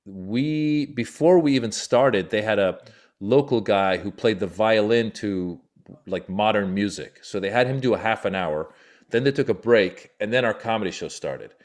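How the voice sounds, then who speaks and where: A comedian in his forties, born in Iran, telling a story in an animated way and jumping his pitch to act out the people in it. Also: moderate pace. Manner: acts out quoted voices with big pitch jumps. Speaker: comedian guest.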